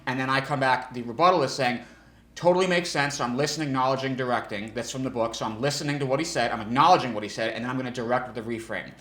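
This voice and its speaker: A man teaching sales technique in a direct, energetic coaching style. He often restarts his sentences as he talks. His voice sits at a medium pitch and rings around an echoey room. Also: racing, few pauses. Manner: energetic coaching, with frequent restarts and demonstrated tones. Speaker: sales trainer. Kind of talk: instructional talk.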